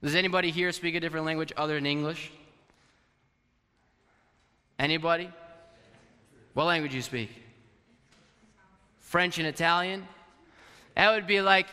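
The speaker is a pastor whose native tongue is Portuguese, from a Portuguese-speaking country, with a high-pitched, sharp voice. In a church hall with long reverb, he preaches a conversational sermon and poses questions to the congregation.

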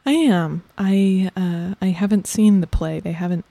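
A woman playing the weary guardian of a child performer, talking haltingly with many ums and sometimes dropping to a whisper. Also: lowish voice, steady tone, vocal fry, warm tone, no echo. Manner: halting and hesitant, full of ums, drops to a whisper. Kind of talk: improvised comedy interview character.

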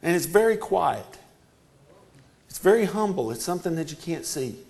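A man with a notably high voice delivers a sermon. He swings from hushed storytelling to fervent, repeated declarations. His delivery builds to shouts. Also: very animated, moderate pace, creaky. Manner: impassioned, building to shouted repetitions. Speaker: preacher.

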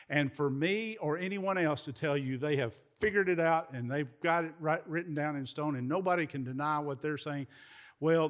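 A man delivers an animated sermon in a slightly high voice. He stumbles and repeats words as he goes and turns to the congregation with folksy, chatty asides. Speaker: pastor.

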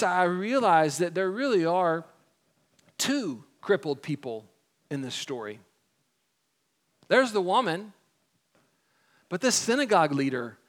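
A young man with a high voice preaches to his congregation. He talks casually and now and then acts out the people in the story. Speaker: pastor. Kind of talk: sermon.

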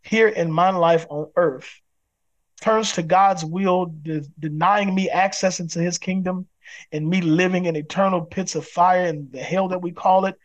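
High-voiced emphatic preaching man. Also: fairly even intonation, unhurried. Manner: acts out quoted people in other voices. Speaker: pastor and guest. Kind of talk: podcast interview.

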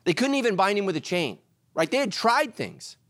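A male pastor delivers a sermon in a fairly high voice that rises and falls in wide, lively swings. He pushes some lines out loud and drops others to a hush. The sound is dry and close, with no room echo. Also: normal speed. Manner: animated preaching, swings between loud and hushed.

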